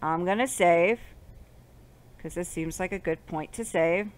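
A woman commentating while she plays a horror game, talking to herself, jittery, swinging between quiet mutters and loud outbursts. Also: lowish voice, unhurried. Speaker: gaming channel host.

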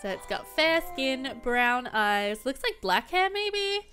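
A woman's voice: sits high, very animated, takes it slowly, music in the background. A young woman chatting casually as she comments on her own gameplay, exclaiming and laughing often. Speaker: gaming commentator.

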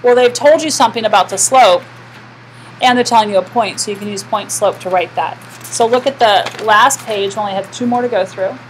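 A woman's voice: mid-range voice, a little fast, slight background noise, low-quality recording. A woman teaching a math class, lecturing and asking the students questions she often answers herself.

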